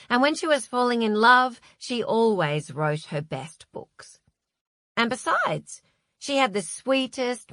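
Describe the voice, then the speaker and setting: Woman audiobook narrator, slow and expressive, bright voice, dry close mic. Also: mid-range voice, no echo. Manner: expressive, measured storytelling. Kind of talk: scripted narration.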